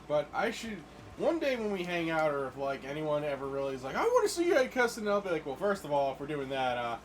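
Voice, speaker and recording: A young man with a slightly high voice talks fast while playing a game, acting as a gaming co-host in a casual let's-play chat. He's chatty and animated, telling stories and acting out lines and scenes. The audio is poor, with a little hiss or hum.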